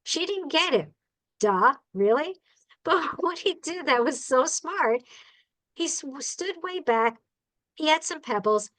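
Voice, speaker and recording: Chatty female bird rehabilitator, high voice, animated storyteller who checks in with the room. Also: a little slow, low-quality recording. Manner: animated, acts out the people and birds in her stories; chatty, asks the audience "all right?". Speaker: bird rehabilitator giving a talk. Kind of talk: storytelling talk to a club.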